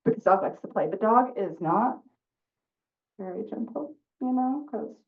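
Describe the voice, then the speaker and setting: A woman storyteller telling a folk tale at a live story slam, slow and deliberate with refrains. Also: medium pitch, lively intonation. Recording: distant phone-like sound.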